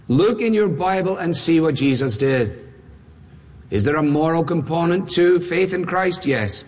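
A man's voice: mid-range voice, breathy edge. A man preaching a sermon, building emphatic rhetorical questions with touches of wry humor. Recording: long reverb of a large hall.

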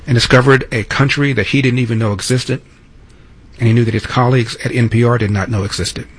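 A man in his seventies hosting a talk radio show, telling stories with measured, emphatic repetition. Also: medium pitch, fairly even intonation, breathy edge. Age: 70s.

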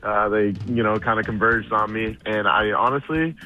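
A football player talking through a play in a post-game clip. His voice is low yet bright and forward, easygoing and halting with lots of "you know" and "uh". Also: lo-fi sound. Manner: relaxed, hesitant with many fillers.

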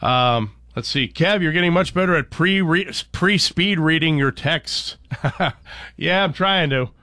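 A man's voice: fairly high pitch, measured pace, bright, forceful tone, no echo. A man hosting a morning radio show in a studio, chatting casually and rambling with lots of fillers and restarts.

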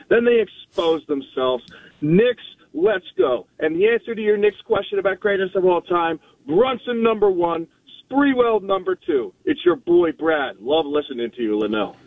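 A hoarse man calling in to a sports radio show, ranting loudly and trash-talking. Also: high voice, dry recording. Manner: rowdy, ranting trash talk. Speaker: caller. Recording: tinny phone line, distant.

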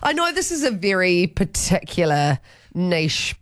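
A woman's voice: fairly low pitch, sing-song, measured pace, no echo, studio quality. A woman co-hosting a breakfast radio show, chatting casually and animatedly and laughing often. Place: radio studio.

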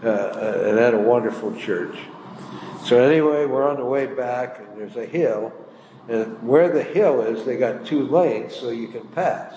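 A man's voice: mid-range voice, measured pace, dark tone. An older man preaching a sermon, telling a story in a folksy, plain-spoken way. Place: church hall. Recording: echoey hall, faint room noise.

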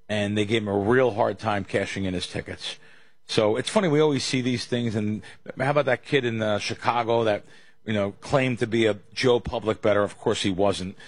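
Low-voiced male radio co-host. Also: dry recording. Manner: halting, restarts, reads news stories. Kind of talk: casual radio talk.

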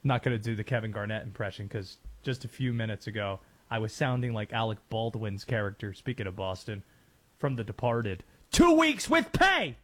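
A man's voice: fairly low pitch, fairly even intonation, a little fast. A man hosting a sports radio show, talking in a musing, conversational way.

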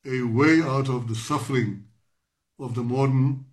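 A man in his sixties answers in long, reflective stretches. He speaks haltingly, with frequent fillers and self-corrections, at an ordinary middle pitch. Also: steady tone. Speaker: guest, professor. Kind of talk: interview answer.

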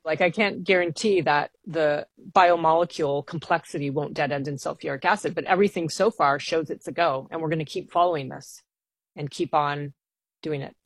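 A woman's voice: sits low, steady tone, a little fast, no echo. A woman scientist, a guest on a radio interview, explaining her work at length with earnest enthusiasm.

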